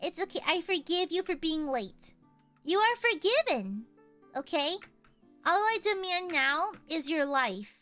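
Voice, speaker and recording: A woman's voice: extremely high pitch, sing-song, unhurried, sharp tone, faint music behind. A woman streamer chatting casually while gaming, playful and boastful, swearing freely and laughing often.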